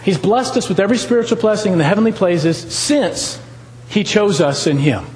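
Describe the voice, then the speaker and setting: A man's voice: high-pitched, moderate pace, a little mellow, big-room sound, rough recording. A man preaching a sermon, talking with animation, asking the congregation questions and repeating lines for emphasis.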